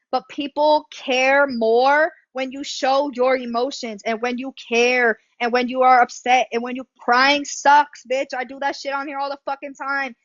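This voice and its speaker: A woman's voice: sits high, fairly bright tone, dry recording, highs cut off. A woman hosting a livestream, talking bluntly and emphatically, swearing and repeating herself. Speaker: livestream host. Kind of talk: heated livestream talk.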